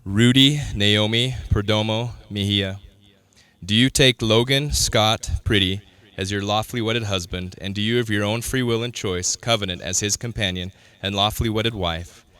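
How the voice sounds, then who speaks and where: A man officiating a wedding in a measured, formal and solemn way. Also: lowish voice, a bit bright, clean tone, dry recording. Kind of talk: ceremonial officiating.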